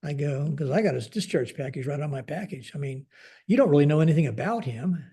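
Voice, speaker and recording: The voice belongs to an older American man, once an Air Force general, whose slightly rough tone sits on the high side and moves fast. Interviewed on a podcast, he tells a story conversationally, acting out the lines with an animated delivery peppered with fillers.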